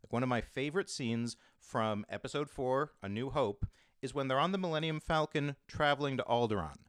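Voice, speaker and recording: A man hosting a casual roundtable chat about tabletop games, explaining things briskly. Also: mid-range voice, smooth, no room sound, studio quality. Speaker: podcast host and game master.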